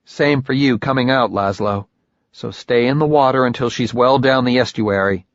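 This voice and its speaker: A man voicing a sardonic male dock insider who gives brisk instructions in an audiobook. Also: mid-range voice, no echo, close to an everyday voice. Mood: instructive. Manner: brisk instructions, dry sarcasm. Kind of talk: audiobook character voice. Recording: dull lo-fi recording.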